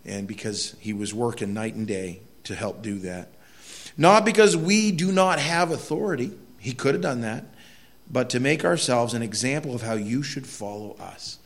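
A man's voice: mid-range voice, normal speed. A middle-aged man preaching a sermon in a conversational way, telling folksy stories with asides to the congregation. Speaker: pastor.

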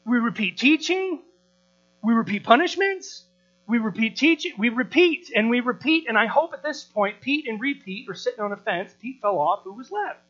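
Animated preaching man, lo-fi hum. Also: extremely high pitch, moderate pace. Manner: animated, repeats words, rhetorical questions. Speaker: pastor. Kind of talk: sermon. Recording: dull lo-fi sound with mains hum.

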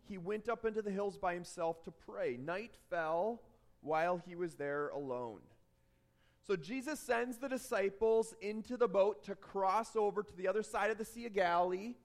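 A man preaching a sermon, telling a story dramatically, dropping to a hush and rising to shouts. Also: high voice, creaky. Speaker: pastor.

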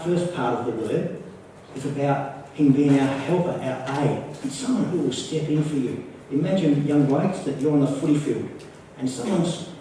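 An Australian man delivers a sermon in an earnest, unhurried way, doubling back on key phrases to drive them home. His voice is mellow and dark, picked up from some distance off. The large room around him rings with heavy echo and a faint hum of ambience. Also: a little high. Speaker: preacher. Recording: echoey, from far off the mic.

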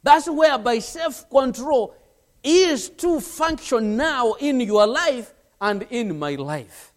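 In this sermon, a man with a very high-pitched voice speaks slowly yet animatedly. His earnest preaching repeats itself and is sprinkled with anecdotes.

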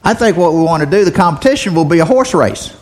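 A man voicing a competitive, excitable country farmer in a church lesson story. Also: fairly high pitch, fast talker, lightly acted. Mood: excited.

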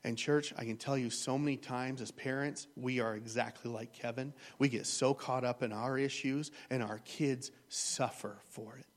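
A man's voice: mid-range voice, fairly even intonation, normal speed, few pauses. A man preaching a sermon as pastor, retelling a story in an earnest, emotional way.

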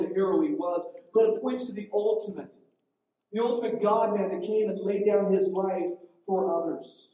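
A man's voice: sits high, mellow, recorded from a distance. Man preaching in an echoey hall. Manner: earnest storytelling with frequent restarts. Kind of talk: sermon storytelling.

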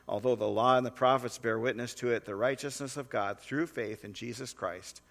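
A man as pastor, preaching a sermon and reading scripture aloud in a measured way that swells into forceful warnings. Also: medium pitch, steady tone, vocal fry.

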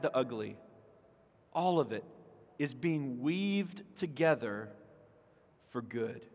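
A man preaching a sermon as pastor, earnest, with repeated words and restarts. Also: a little high. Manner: dramatic shouts when voicing the psalm's cries. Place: church sanctuary. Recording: long hall reverb.

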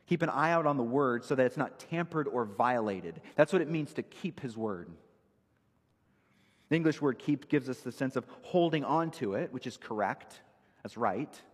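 A man's voice: mid-range voice, animated, normal speed, breathy edge, in a large hall. A male pastor preaching an emphatic, verse-by-verse expository sermon in a church sanctuary.

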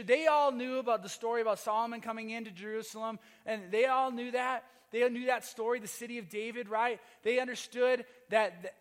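A man preaching a sermon as a pastor, moving between loud emphatic lines and hushed quiet passages. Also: very high-pitched, in a large hall. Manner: swings from loud emphatic to hushed, sings briefly. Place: church.

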